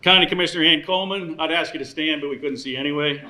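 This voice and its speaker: A man's voice: fairly high pitch, racing, background noise. Wisecracking man in his sixties, echoey hall. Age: 60s. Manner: wisecracking, teasing the audience. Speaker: dinner emcee. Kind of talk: joking dinner speech. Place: large banquet room.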